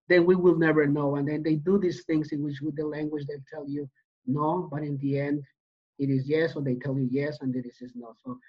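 A Colombian-born man speaking as a guest in a relaxed conversation, his voice sitting a little high for a man. He tells his experiences earnestly and acts out the exchanges he remembers. The recording sounds dull and lo-fi. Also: a little fast, husky. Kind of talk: casual conversation.

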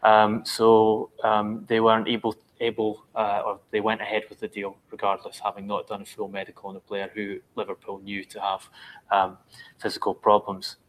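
Low, flat-voiced man analyzing football. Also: moderate pace, rough recording. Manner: hesitant, frequent ums, analytical. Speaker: football pundit. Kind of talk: casual podcast discussion.

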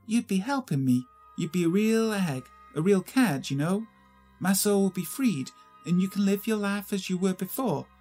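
A man's voice: high voice, lively intonation, normal speed, a little mellow, faint music behind, pitched above the performer's own voice. A man voicing a sinister talking glass doll lady, with a sarcastic vaudeville accent and old-timey slang. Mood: wheedling. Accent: 1920s vaudeville.

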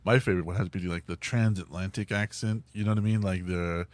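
Low-voiced man chatting eagerly. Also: steady tone, quick pace, dry recording. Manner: enthusiastic, repeats words, many fillers. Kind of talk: casual chat.

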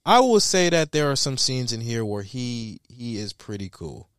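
A man hosting a casual film review chat, animated and profane, laughing often and restarting his sentences. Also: mid-range voice, normal speed, clean tone, no room sound, clean studio sound. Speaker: podcast host reviewing a film.

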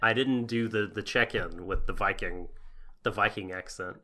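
A man's voice: fairly low pitch, moderate pace, crowd noise. A man co-hosting a casual podcast, rambling and breaking into giggles. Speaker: podcast co-host.

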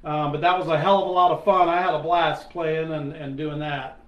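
A high-voiced man talks bluntly and with salty language about his days on the force. His voice rings out in a roomy, echoing space. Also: flat delivery, brisk, dull audio. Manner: blunt and salty, swears casually. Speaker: guest, retired police sergeant. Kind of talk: casual chat. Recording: echoey room.

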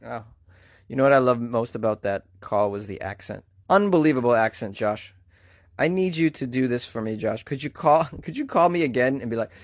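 A male podcast host talking in a loose, rambling way, full of fillers and shout-outs to listeners. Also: medium pitch, lively intonation, fairly quick, dry recording, studio quality. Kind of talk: casual podcast chat.

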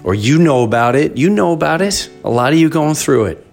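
A middle-aged man hosting his podcast, telling family stories in a rambling, animated comedic monologue. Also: fairly high pitch, a little fast, gravelly, soft background music. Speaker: podcast host.

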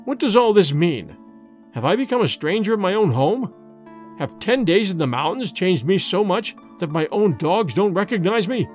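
A man's voice: high voice, sing-song, unhurried, long pauses, faint music behind. A man voicing a stern old male vampire patriarch in a hollow, menacing voice in a storybook reading.

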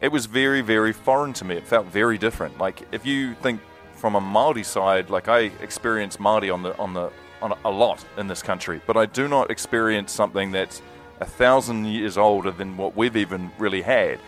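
A man's voice: lowish voice, brisk, hardly any pauses, a bit bright, soft background music. A man, a podcast host explaining his thoughts in casual chat.

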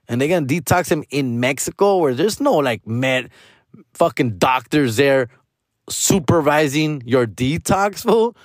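A man's voice: on the high side, no room sound, clean studio sound. A man telling a personal story casually, full of slang and swearing, slipping into Spanish now and then. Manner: heavy slang, profane, switches into Spanish; earnest, pleading, repeats street address terms.

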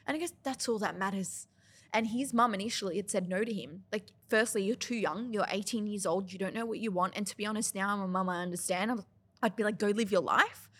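A woman's voice: mid-range voice, quick pace. A young adult woman co-hosting a podcast, telling stories in a chatty way full of "like". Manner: chatty, lots of "like", animated when quoting people. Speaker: podcast co-host. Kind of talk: casual chat, storytelling.

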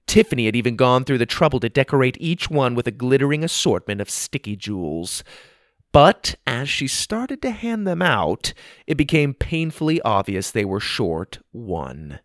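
Animated male storyteller, dry close sound. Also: mid-range voice, normal speed, no room sound. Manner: expressive, animated reading. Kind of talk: scripted story narration.

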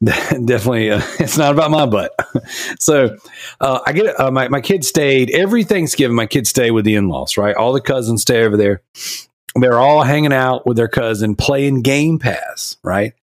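A man's voice: medium pitch, moderate pace, dry recording, clean studio sound. A man in his thirties hosting a podcast, telling funny stories in casual chat with a lot of laughter. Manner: animated, laughing storyteller. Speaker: podcast host.

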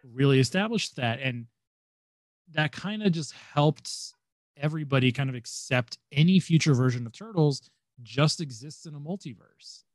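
A man's voice: fairly high pitch, expressive, moderate pace, dry recording. Chatty man with a dry close sound. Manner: chatty, rambling, with frequent fillers and restarts. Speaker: podcast co-host. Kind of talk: casual fan chat.

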